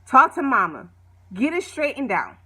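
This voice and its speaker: A woman talks through a reality show episode in a loose, slangy, opinionated way, like she is catching a friend up. Her voice sits a little high and sounds bright and forward. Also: moderate pace, slightly rough. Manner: animated, opinionated, slangy storytelling. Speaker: show recap vlogger. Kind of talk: casual chatty TV recap.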